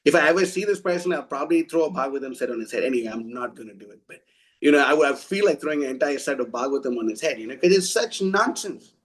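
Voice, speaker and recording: A man's voice: medium pitch, lively intonation, fast talker, low-quality recording. A man giving an informal devotional talk, blunt and scolding, often restarting his sentences. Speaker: devotional preacher.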